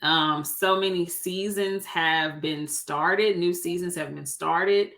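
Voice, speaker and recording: Bright-voiced chatty woman co-host. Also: lowish voice, steady tone, takes it slowly. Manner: chatty, laughs often, acts out quoted dialogue. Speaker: co-host, realtor. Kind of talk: casual chat.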